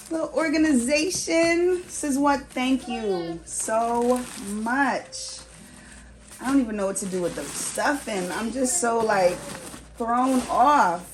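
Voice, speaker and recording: Gushing woman vlogger, slow and repetitive. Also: high voice, slight background noise. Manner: gushing, exclamatory, repeats herself. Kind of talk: unboxing vlog. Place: home.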